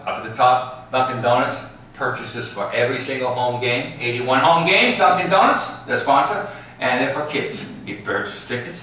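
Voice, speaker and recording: A man's voice: medium pitch, sharp tone. A man guiding a ballpark tour, telling stories and tagging his lines with "all right?" and "okay?". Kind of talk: guided tour talk. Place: outdoors in a large ballpark. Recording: very echoey, distant mic, faint background noise.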